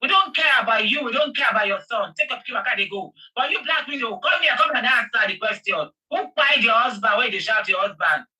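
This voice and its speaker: A Nigerian woman hosting an online talk show, speaking with passion, repeating herself for emphasis and often shouting. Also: on the high side, expressive, quick pace, few pauses, far from the mic, low-quality recording. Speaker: host. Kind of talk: heated commentary chat.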